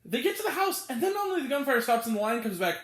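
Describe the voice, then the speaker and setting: Woman film reviewer, high and lively voice, echoey room, casual, swears and laughs. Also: rapid-fire. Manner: incredulous, laughing, swears freely. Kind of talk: casual movie review rant.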